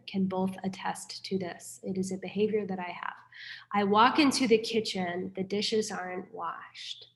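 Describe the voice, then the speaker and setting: A woman teaching an online class in a chatty, self-deprecating way, repeating her key points over a video call. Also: mid-range voice. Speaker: dharma teacher. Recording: roomy echo.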